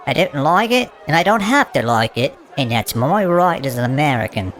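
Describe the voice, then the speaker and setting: A man's voice: on the high side, sing-song, normal speed, a bit bright. Man playing a stubborn English protester. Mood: indignant. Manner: belligerent, stammering. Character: indignant English male protester, crude and stubborn. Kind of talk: comedy sketch.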